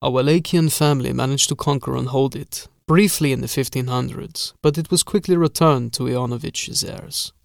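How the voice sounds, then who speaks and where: A man voicing a sinister, formal castle steward who speaks softly and drags out his vowels. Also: mid-range voice, vocal fry, no echo, clean studio sound, close to an everyday voice. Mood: sinister calm. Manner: soft, measured, drawn-out vowels.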